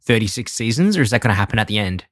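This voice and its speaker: A man co-hosting a podcast in casual chat, excitable and quick to laugh. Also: on the low side, no echo, clean studio sound. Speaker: podcast co-host.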